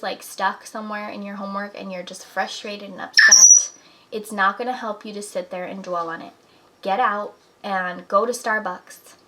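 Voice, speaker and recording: The audio is poor, and the woman's mid-range voice has a sharp tone. She's a twentysomething vlogger talking earnestly to camera in her apartment, encouraging viewers with casual life advice full of "like" and "you know."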